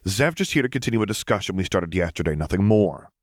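A man voicing Luke, an earnest, flustered teenage boy who looks after a group of clones, with a hurried, protective manner. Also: low-pitched, animated, dry recording, clean studio sound. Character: earnest teen male clone caretaker, flustered.

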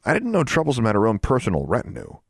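A man's voice: lowish voice, wildly swooping pitch, fast talker, creaky, slightly rough, dry recording, studio quality, pitched above the performer's own voice, full character voice. A man voicing a smug, condescending teenage boy wizard.

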